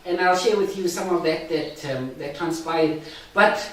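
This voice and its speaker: A man, a pastor, sharing his personal testimony with a small group, halting and repeating words as he goes, with frequent chuckles. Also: a little high, slight background noise. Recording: echoey room, mic far off.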